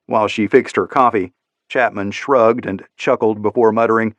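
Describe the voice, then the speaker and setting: A man reading an audiobook in steady, measured scripted narration. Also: fairly low pitch, no echo, highs cut off.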